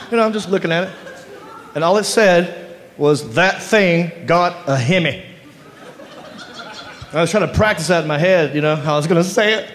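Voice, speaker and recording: A man telling an animated stand-up story, laughing through his lines. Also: high voice, brisk, long reverb tail. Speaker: stand-up comedian. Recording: live stand-up with audience noise. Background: audience laughter.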